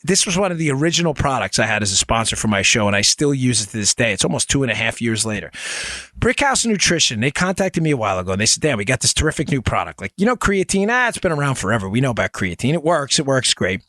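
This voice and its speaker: A man hosting a political podcast, talking in a sarcastic, animated way full of mocking asides. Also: medium pitch, fast talker, no room sound. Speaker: podcast host. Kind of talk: opinionated political commentary.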